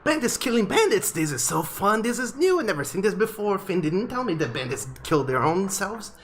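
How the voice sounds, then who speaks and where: A man voicing an excitable little owl familiar that chatters gleefully in a high voice. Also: brisk, slight background noise.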